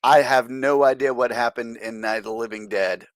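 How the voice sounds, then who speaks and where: A man's voice: medium pitch, steady tone, moderate pace, a little hiss or hum. A man hosting a casual, laughing riff over an old movie with a friend. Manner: laughing, playful banter. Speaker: host.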